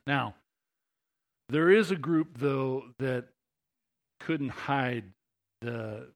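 A man's voice: mid-range voice, very slow. A man preaching a sermon as pastor, talking conversationally and building to impassioned emphasis.

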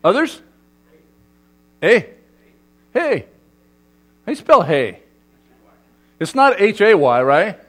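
A man's voice: high voice, sing-song, takes it slowly, long pauses. A middle-aged man from Southern California, playfully quizzing and joking with a live audience as he speaks to a congregation. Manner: playful, asks the audience questions and jokes with them. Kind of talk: lively talk to a live audience.

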